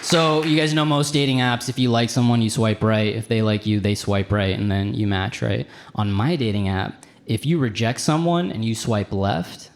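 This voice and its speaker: A man performing a stand-up comedy set on stage, animated and slipping into high put-on voices for the people in his stories. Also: normal speed, hardly any pauses. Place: comedy club stage with a live audience. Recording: live venue with crowd noise. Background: audience laughter.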